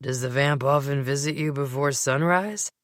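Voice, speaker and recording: A teasing young man with a slow, unhurried drawl, as a woman narrator puts him on. He sits a little lower than her own voice and sounds relaxed and amused. The sound is dry and close. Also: no room sound.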